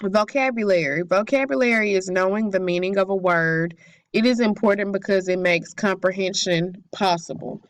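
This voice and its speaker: A young woman reads her class presentation aloud in a careful, steady way, now and then stumbling and correcting herself. Her voice sits at an ordinary middle pitch, and the recording is close and dry, with no room sound. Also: moderate pace, no echo. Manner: careful, read-aloud delivery with occasional slips. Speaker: student presenter.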